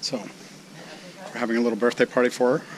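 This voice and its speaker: A man's voice: medium pitch, fairly even intonation, normal speed, background noise. A man making a casual travel vlog about his life as an artist, chatty and self-mocking, laughing often. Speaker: vlogging artist.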